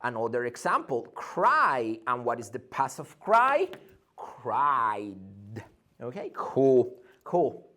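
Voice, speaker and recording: A man's voice: mid-range voice, huge pitch swings, a little slow, pushed and bright. A man teaching an English pronunciation lesson, drilling sounds by repeating them and asking and answering his own questions.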